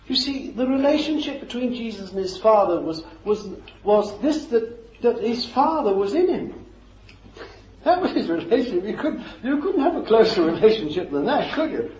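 A man's voice: high-pitched, a little mellow, a little hiss or hum. A man preaching a sermon in a fervent, emphatic way, repeating his phrases for stress. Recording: echoey, dull lo-fi recording.

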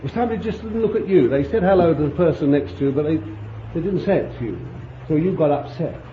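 A man preaching a sermon, telling the story vividly and swinging between loud appeals and hushed asides. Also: a little high, expressive, fast, slight background noise. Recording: echoey dull room recording.

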